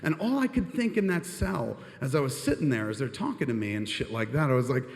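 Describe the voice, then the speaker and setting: A man telling a long comedic story on a live stage, rambling, profane and animated. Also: medium pitch, brisk, creaky, hardly any pauses, echoey room, in a large hall, a little hiss or hum.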